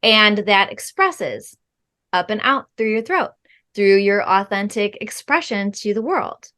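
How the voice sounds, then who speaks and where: A middle-aged woman, a spiritual healing guide, answering interview questions in a slow, measured, earnest way with soft fillers. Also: mid-range voice, expressive.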